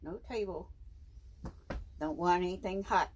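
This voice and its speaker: A woman in her seventies at home, talking to her pet snake in a high, sing-song baby-talk voice and laughing often. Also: unhurried, darkish tone, slight background noise. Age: 70s. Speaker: snake owner. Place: indoors at home.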